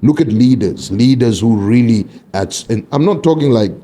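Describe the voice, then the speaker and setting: A man's voice: medium pitch, animated, moderate pace, mellow, slight background noise. A middle-aged man, a comedian guest on a podcast, talking in an earnest, emphatic way in casual chat.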